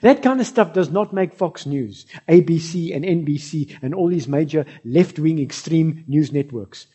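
A man with a South African accent preaching a sermon, swinging between loud cries and soft low asides. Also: expressive, normal speed, slightly rough. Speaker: pastor.

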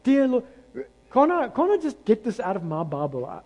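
A man with a South African accent preaching a lively, emphatic sermon to his church. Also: extremely high pitch, normal speed. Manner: animated, rising to emphatic bursts. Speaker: pastor. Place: church hall. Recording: long church hall reverb.

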